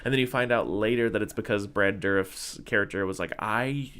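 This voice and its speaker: Low-voiced man rambling about movies. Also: quick pace, fairly bright tone, clear, resonant tone. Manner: rambling, many fillers and restarts. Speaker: podcast host. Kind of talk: casual movie chat.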